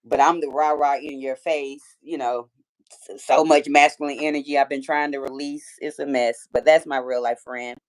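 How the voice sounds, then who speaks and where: With an extremely low, fairly even voice at a normal speed, a Detroit woman in her forties runs a casual livestream. She chats with her audience, reads their comments, and throws around playful trash talk.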